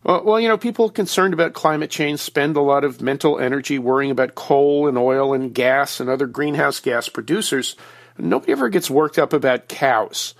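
A man's voice: mid-range voice, moderate pace, creaky. A man who is a regular guest commentator on a radio show, explaining news items over a phone line in a folksy, joking way. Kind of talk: conversational explainer.

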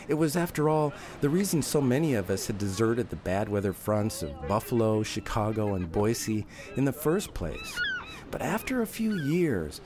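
A man's voice: medium pitch, darkish tone. A man reading his own radio commentary in a wry, storytelling way. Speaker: radio essayist.

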